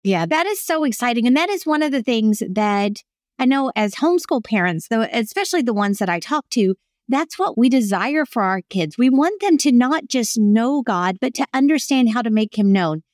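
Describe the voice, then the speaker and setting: Woman podcast host, chatty and encouraging, higher voice, dry mic. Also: expressive, normal speed, darkish tone, no room sound. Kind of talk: podcast interview.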